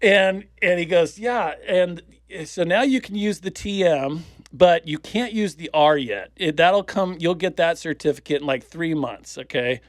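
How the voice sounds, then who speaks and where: A man's voice: a little high, a little slow, hardly any pauses, dry recording, studio quality. A man in his fifties who hosts a podcast and tells stories in a loose, profane way, acting out the voices of the people in them. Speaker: podcast host. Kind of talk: casual storytelling chat.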